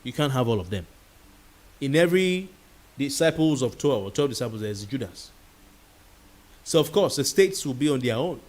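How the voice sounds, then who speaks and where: A heated Nigerian-accented man delivers a late-night talk show monologue. He rants with passion, slipping pidgin words in among his English. His voice sits at an ordinary middle pitch. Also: big pitch swings, normal speed, pauses often, darkish tone.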